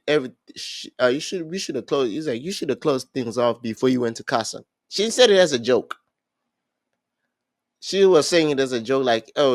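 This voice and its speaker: A young man hosting a podcast, casually recapping a reality show and acting out what people said, with many halting restarts. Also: medium pitch, no room sound. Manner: animated storyteller, acts out quotes, halting restarts. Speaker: podcast host.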